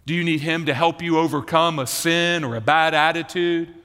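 A man's voice: on the high side, steady tone, moderate pace, bright, forceful tone, smooth, in a large hall. A male pastor preaching a sermon, telling the story vividly and speaking to the children in the congregation. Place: church.

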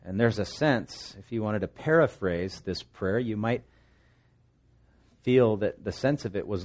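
A man's voice: fairly low pitch, lively intonation, a little slow, darkish tone. A man preaching an expository sermon, reading scripture aloud and acting out the prayers with rising, pleading tones, with conversational asides. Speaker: pastor.

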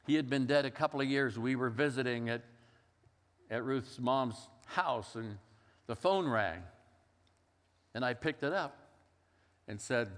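A man's voice: mid-range voice, lively intonation, moderate pace, fairly bright tone. An older male pastor delivers a sermon in an easy, conversational way. He tells stories and acts out the voices in them. His mid-range voice carries a long reverb from a large hall. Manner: storytelling, conversational with acted-out quotes.

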